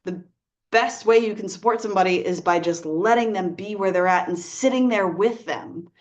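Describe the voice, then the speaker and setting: A woman working as a life coach, giving earnest, gentle advice straight to the viewer and often checking in with "right?". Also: medium pitch, moderate pace. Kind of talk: advice talk to camera.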